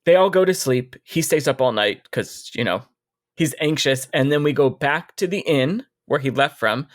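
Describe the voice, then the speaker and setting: A man co-hosting a casual book podcast, relaxed and thoughtful as he walks through the plot. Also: mid-range voice, normal speed, dry recording, clean studio sound. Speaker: podcast co-host.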